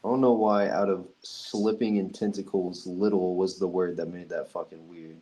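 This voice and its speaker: A man's voice: deep voice, fairly even intonation, moderate pace, mellow, breathy edge, rough recording. A man co-hosting a podcast, chatting casually and making dry, exasperated remarks. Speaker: podcast co-host. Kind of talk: casual chat.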